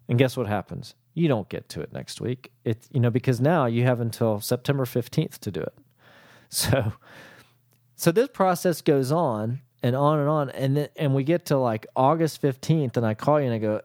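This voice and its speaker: A man's voice: medium pitch, normal speed, darkish tone, dry recording, studio quality. A man who works as a CPA, talking bluntly and casually to small business owners and acting out both sides of his calls with clients. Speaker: CPA and accounting firm owner.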